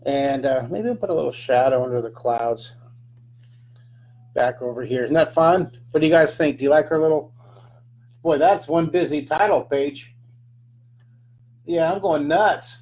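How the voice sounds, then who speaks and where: A man's voice: fairly high pitch, moderate pace, long pauses, darkish tone. A man teaching a live drawing lesson, chatting through each stroke with playful sound effects.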